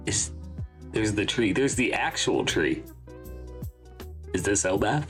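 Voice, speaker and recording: A man's voice: fairly low pitch, lively intonation, slow, pauses often, a bit bright, soft background music. A young man hosting a casual manga reaction, talking in a chatty, rambling way and often correcting himself mid-sentence. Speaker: channel host.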